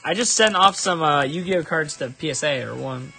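A man chatting casually on a live stream while opening trading cards, excitable and prone to high exasperated yelps. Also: normal speed, gravelly. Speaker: live-stream card opener.

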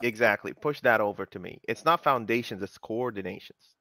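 A man's voice: fairly low pitch, brisk, pushed and bright, no room sound. A man hosting a live coding session, chatting casually and teasing his co-hosts, with lots of "you know".

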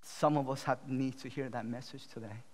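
A male pastor preaching a sermon, retelling a Bible story with loud emphatic peaks and low, slow, quiet appeals. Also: fairly even intonation. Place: church sanctuary. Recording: long hall reverb.

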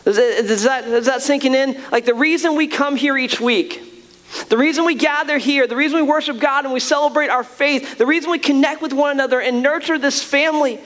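A man with a strikingly high voice preaches to his congregation. He is earnest and emphatic, circling back and restarting phrases as he drives each point home. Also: a little fast, a bit bright. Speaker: pastor. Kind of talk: sermon.

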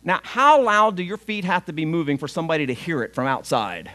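A man's voice: fairly high pitch, big pitch swings, a little fast, bright, forceful tone. A man, preaching a sermon as pastor, retelling a story in a conversational way and voicing the father's lines.

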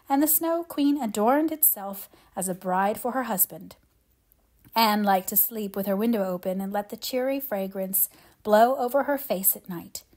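A woman reading a classic novel aloud in an even, measured storytelling voice. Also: medium pitch. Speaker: audiobook reader.

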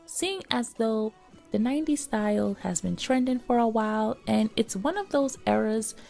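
Woman fashion vlogger, recovering from a cold, mellow and bubbly. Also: a little high, normal speed, creaky, faint music behind. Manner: bubbly, lively greetings to viewers. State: getting over a cold. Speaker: fashion YouTuber. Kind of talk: casual scripted vlog narration.

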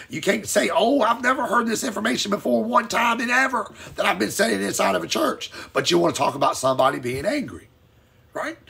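Gravelly, husky fiery preacher man. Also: high-pitched, expressive. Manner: fiery and emphatic, with sudden loud and quiet swings; reads scripture slowly and deliberately. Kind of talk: live-streamed Bible teaching.

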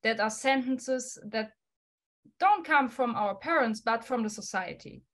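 Woman guest, slightly high voice, non-native English, forceful and blunt, laughs a lot. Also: animated, measured pace. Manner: emphatic, laughs often, blunt swearing. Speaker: guest musician. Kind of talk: podcast interview answer.

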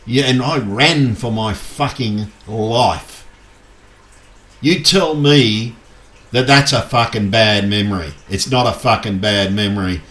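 A man's voice: on the low side, takes it slowly, fairly bright tone. A man angrily ranting to his viewers, swearing constantly and agitated. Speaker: YouTuber. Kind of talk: angry rant to camera. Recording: echoey room.

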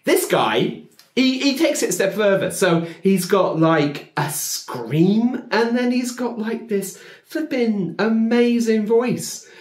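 A man reacting to a song with excited, gushing commentary, laughing often and breaking into shouts. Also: high-pitched, slow pace. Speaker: music reaction video host. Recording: echoey room, song playing faintly. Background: faint music.

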